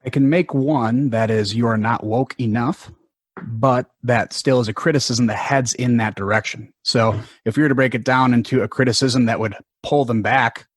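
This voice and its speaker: A man who is a guest on a podcast, making measured points in casual conversation. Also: medium pitch, breathy edge, no room sound.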